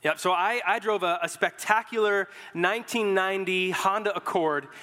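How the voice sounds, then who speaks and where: A young man with a high voice preaches to his church, spinning a humorous story in a relaxed, chatty way. He speaks into a headset mic, and his voice rings with a long hall reverb. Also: moderate pace. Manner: storytelling, informal and joking. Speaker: pastor. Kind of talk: sermon.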